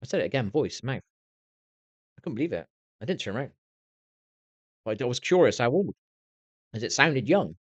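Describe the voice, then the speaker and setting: A man's voice: medium pitch, big pitch swings, moderate pace, long pauses, no echo, lo-fi sound. A middle-aged man chatting to his viewers on a live stream, swearing constantly and rambling on in a candid way. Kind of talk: casual rambling chat to viewers.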